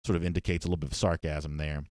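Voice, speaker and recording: A man's voice: very deep voice, flat delivery, rapid-fire, darkish tone, no room sound, clean studio sound. A man hosting a live sports talk show, chatting casually and reading viewer comments, rambling with restarts and fillers.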